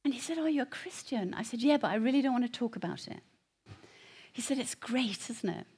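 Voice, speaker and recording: A middle-aged woman tells her conversion story to a congregation. Her voice is breathy and husky. She swings between near-whispered, hushed passages and loud, emphatic bursts. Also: on the high side, lively intonation, fairly quick. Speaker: guest speaker giving testimony. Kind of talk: personal testimony to a congregation.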